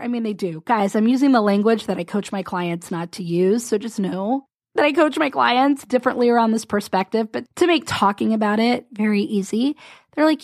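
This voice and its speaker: Chatty woman podcast host and business coach, pitched a bit high, rambly asides, dry close mic. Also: fairly quick, no echo. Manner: chatty, rambling, self-interrupting with little laughs. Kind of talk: casual solo podcast talk.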